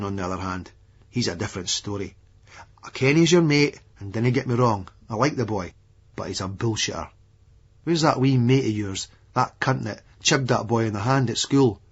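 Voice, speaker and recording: A man's voice: medium pitch, moderate pace, breathy edge. A man voicing a menacing, unhinged Edinburgh hard man in an audiobook, sneering and coarse in his taunts. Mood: taunting. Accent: Scottish, Edinburgh. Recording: dull lo-fi audiobook recording.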